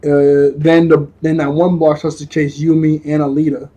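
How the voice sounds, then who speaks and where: A man's voice: on the high side, little pitch movement, moderate pace, warm tone. A young man casually recapping a cartoon episode in a rambling, slangy way, often laughing and correcting himself. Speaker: episode reviewer.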